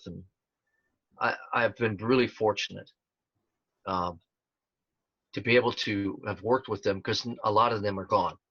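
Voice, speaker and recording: On the low side and a bit bright, the voice of a sixty-something tribute performer carries his meandering stories during a casual interview, peppered with fillers and restarts. The recording is dry yet dull and lo-fi.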